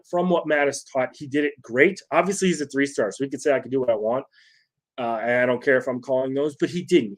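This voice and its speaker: A man hosting a casual solo talk on leadership, speaking to his viewers in a loose, conversational way and often tagging sentences with "right?". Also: mid-range voice. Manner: conversational, frequent "right?" tags, restarts. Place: home setup with phone nearby.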